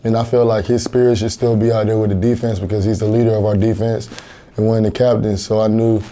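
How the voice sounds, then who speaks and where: A man's voice: fairly low pitch, little pitch movement, fast talker, mellow. A young college football player answering interview questions in an earnest, plain-spoken way, often repeating words as he thinks. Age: young adult.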